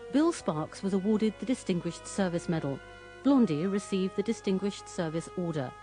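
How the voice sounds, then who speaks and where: A woman giving scripted documentary narration in a measured, even way. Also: mid-range voice, soft background music, low-quality recording.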